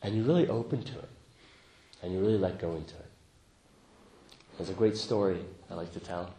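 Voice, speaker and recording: A man teaching meditation to a group, speaking gently, laughing often, and growing lively when he tells a story. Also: fairly low pitch, echoey room, poor audio. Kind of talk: dharma talk.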